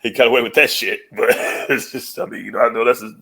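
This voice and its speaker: A man's voice: medium pitch, steady tone, fast talker, gravelly, bright, forceful tone, husky. A man co-hosting a podcast in casual chat, laughing often and trailing off with fillers. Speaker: podcast co-host.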